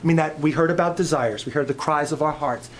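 A middle-aged male pastor preaching with a fairly high voice, rising to loud emphatic peaks and dropping to soft, low asides. He tells stories in a sermon style. A faint hiss of noise sits behind him. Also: quick pace.

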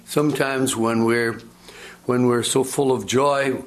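Older male pastor, halting storytelling sermon. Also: medium pitch, fairly even intonation. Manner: halting, repeats words, conversational storytelling.

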